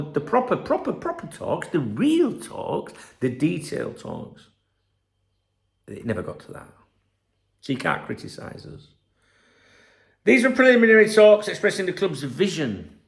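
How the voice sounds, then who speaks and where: In an echoey room, a man with a medium-pitched, gravelly voice runs a football channel. He reads articles aloud and tears into them with mocking, sweary sarcasm in solo commentary.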